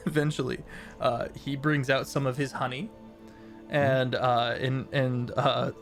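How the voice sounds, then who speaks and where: A man's voice: medium pitch, level tone, takes it slowly, fairly bright tone, faint music behind. A man narrating a tabletop game as game master, describing scenes with many fillers.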